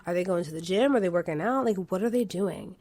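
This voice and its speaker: A woman's voice: fairly low pitch, expressive, quick pace, a little mellow, no room sound. Dry-voiced woman hosting a self-help podcast. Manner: affirming, coaching, says okay and right often. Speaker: podcast host.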